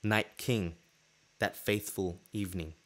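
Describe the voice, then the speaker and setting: A man hosting a podcast, telling a personal story in a casual, lively way and acting out what people said. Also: lowish voice, slow. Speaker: podcast host.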